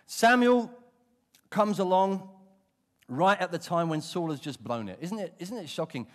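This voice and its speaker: British pastor guy preaching, super lively pitch, big hall echo, dramatic. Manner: expressive, dramatic, swings from hushed to emphatic. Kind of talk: sermon. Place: church. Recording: long reverb of a church hall.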